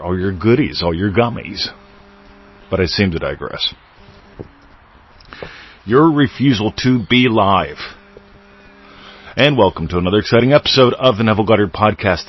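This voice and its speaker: A male podcast host delivers a casual spiritual teaching monologue, loose and playful, full of wordplay and asides. His voice is fairly low, animated and brisk, and the recording has its highs cut off.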